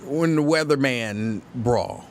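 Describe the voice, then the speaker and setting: Man, live-stream host, mid pitch, opinionated, halting restarts, faint background hiss. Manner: conversational, opinionated, halting with frequent restarts and fillers. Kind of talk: casual live-stream chat reading viewer comments.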